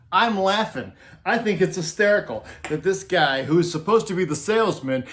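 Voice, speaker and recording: Chuckling man spinning a road-crew yarn. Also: fairly high pitch. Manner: chuckling, acts out quotes in animated voices. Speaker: storyteller recounting road crew tales. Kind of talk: casual anecdotal storytelling.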